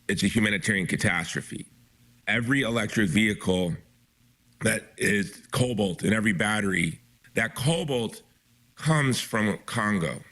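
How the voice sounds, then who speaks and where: A low-pitched man talks as a guest author with a forceful, tense edge to his voice. He presses his points urgently and emphatically, often restarting mid-sentence. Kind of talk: impassioned interview talk.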